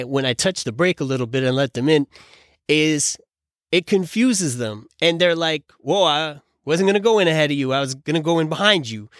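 A man's voice: medium pitch, fairly bright tone, dry recording. Rambling, opinionated man on a dry mic. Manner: rambling, with frequent restarts and filler; exasperated, opinionated. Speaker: podcast host. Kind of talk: casual ranting monologue.

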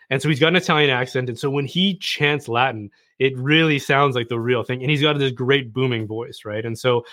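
A man telling a personal story in casual conversation as a podcast guest, animated and self-deprecating. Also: mid-range voice, no echo, clean studio sound.

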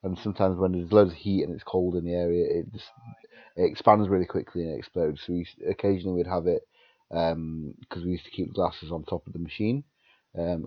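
A man's voice: deep voice, dry recording, muffled recording. A British man co-hosting a podcast in casual chat, rambling through sweary anecdotes with many restarts, and sounding tired. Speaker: podcast co-host.

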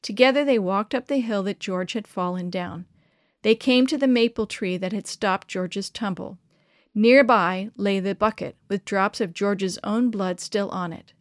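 A woman reading a children's story aloud in an expressive, measured way. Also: mid-range voice, dry recording, studio quality.

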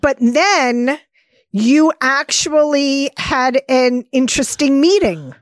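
Female interviewer, slow and drawn out, rather high, dry close sound. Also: expressive, dry recording. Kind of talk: casual interview.

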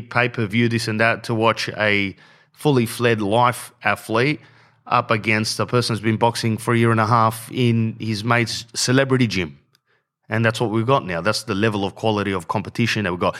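A man's voice: medium pitch, a bit bright. A man ranting bluntly in slangy casual talk, often saying "bro", as a podcast host. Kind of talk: casual rant.

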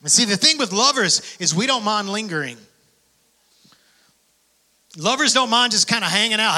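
A man preaching a sermon, dropping to whispers and rising to shouts, acting out prayers in dialogue. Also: high-pitched, lively intonation, moderate pace, long pauses. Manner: swings from hushed whispers to shouted passion; acts out prayers and quotes in dialogue.

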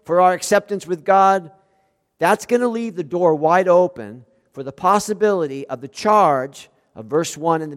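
A man preaching a sermon as pastor, animated, swinging between loud emphatic outbursts and quiet, low-voiced asides. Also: big-room sound.

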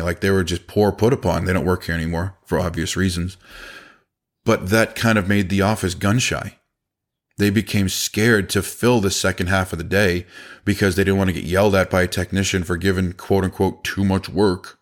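A man's voice: deep voice, fairly even intonation, brisk. A middle-aged man, a business owner, talking bluntly in a casual podcast monologue, swearing now and then and acting out what others said. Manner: blunt, conversational, swears casually, acts out quoted voices.

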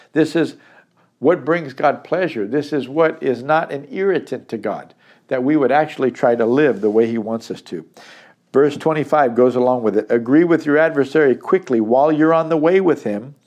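A man leads a daily Bible study in an earnest, emphatic preaching manner. He reads scripture aloud and then explains it, pressing his points home. His voice sits at an ordinary middle pitch for a man. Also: creaky, a little mellow. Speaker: Bible teacher.

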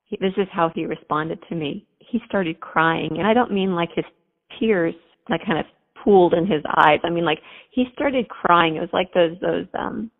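A woman's voice: on the low side, moderate pace, vocal fry, long reverb tail. A woman guest telling a heartfelt personal faith story in an earnest, chatty way. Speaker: podcast guest. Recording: tinny phone-like line.

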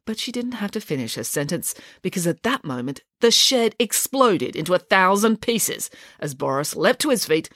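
A woman reading her own children's story aloud, with a playful, wry and expressive delivery. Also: fairly low pitch, normal speed, no echo, studio quality.

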